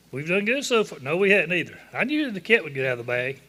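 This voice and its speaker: In a luncheon event room, a sheriff's office officer with a Southern US accent presents an award. His fairly high voice sounds pushed and bright, and he speaks in a folksy, joking, plain-spoken way.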